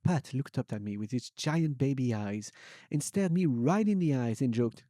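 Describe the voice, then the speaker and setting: A young man streamer reading fan fiction aloud as a comic dramatic reading, swinging between hushed and loud. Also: medium pitch, lively intonation, moderate pace, no room sound, studio quality.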